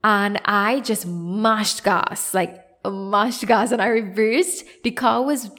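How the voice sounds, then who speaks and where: A young woman with a Trinidadian accent tells a story on her podcast. She talks casually and with lots of animation, pokes fun at herself, and acts out the voices of the people she quotes. Her pitch sits in an ordinary middle range. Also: steady tone, takes it slowly, a bit bright. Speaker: podcast host.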